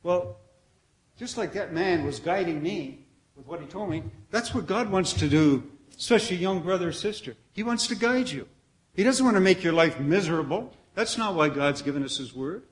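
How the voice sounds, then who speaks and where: Guy preaching a sermon, chatty and earnest, voice a bit high, trails off soft at the ends. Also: expressive, normal speed. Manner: conversational, earnest, asks the congregation questions.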